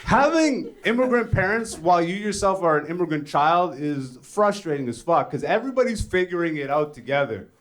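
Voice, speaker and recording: A man's voice: fairly high pitch, very animated, brisk, hardly any pauses, fairly bright tone. A young man doing a profane, conversational stand-up set on a comedy club stage, telling stories and acting out other people's lines. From Ethiopian, born in Greece, raised in Canada. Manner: profane, conversational storytelling with act-outs. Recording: live club set with crowd laughter. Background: audience laughing.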